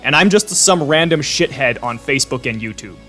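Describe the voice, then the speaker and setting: A man's voice: mid-range voice, animated, a little fast, fairly bright tone, faint music behind. A man hosting a commentary vlog, ranting bluntly with sarcasm and plenty of swearing. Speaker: vlog host.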